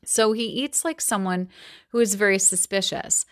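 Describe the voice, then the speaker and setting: A woman's voice: medium pitch, normal speed, no echo, studio quality. A woman in her thirties reads a novel aloud and stops often to comment on it in a casual, chatty way, with plenty of ums and likes. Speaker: book study podcaster.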